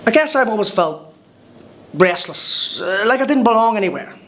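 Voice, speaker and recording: Timmy, a chatty, wide-eyed Irish newcomer. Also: male voice, sits high, very animated, moderate pace, fairly bright tone, slight background noise. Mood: wry storytelling. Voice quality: chatty, wry storytelling with hesitant restarts. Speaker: monologue narrator. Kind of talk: scripted comic film monologue.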